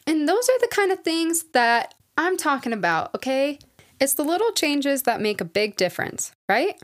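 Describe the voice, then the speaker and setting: A woman's voice: sits high, big pitch swings, moderate pace. A young woman hosting her own podcast, chatting casually and rambling, with lots of "like" and "you guys" and self-deprecating asides. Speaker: podcast host. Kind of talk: casual solo podcast chat.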